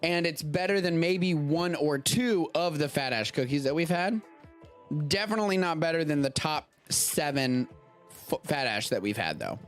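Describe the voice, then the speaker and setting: A man hosts a live stream with a somewhat high voice, talking in a loose, rambling way and dropping the odd casual swear. Faint music plays low behind him. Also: lively intonation, normal speed. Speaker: show host. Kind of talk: casual chat, tasting food. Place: home studio during a live stream.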